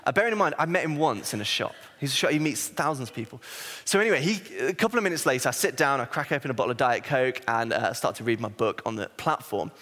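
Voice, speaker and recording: A man, an assistant pastor giving a sermon, telling a self-deprecating story in an animated way. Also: mid-range voice, quick pace. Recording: reverberant hall.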